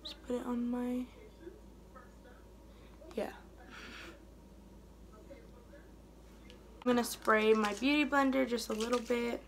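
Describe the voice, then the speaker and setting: Slow-talking young woman with a gravelly voice. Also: a little high, fairly even intonation, slight background noise. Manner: chatty, rambling, trails off softly mid-thought. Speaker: beauty vlogger. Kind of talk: casual get-ready-with-me chat.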